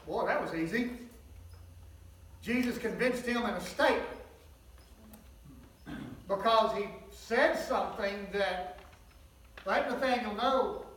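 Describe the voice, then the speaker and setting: A man's voice: high-pitched, fairly bright tone. A man preaching a sermon, retelling scripture in a folksy, conversational way with joking asides. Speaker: pastor. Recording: echoey hall, mic at a distance.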